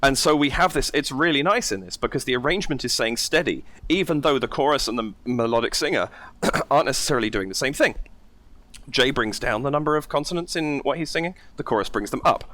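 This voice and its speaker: Guy reacting to a song, gets all excited, voice jumps around a lot, casual chat. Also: medium pitch, quick pace. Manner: enthusiastic, exclaims and analyzes singing technique. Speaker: reaction channel host.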